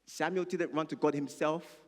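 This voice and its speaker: In a church hall full of reverb, a male pastor with a fairly high voice speaks at normal speed. His sermon includes reading scripture aloud and calling out for the congregation to respond.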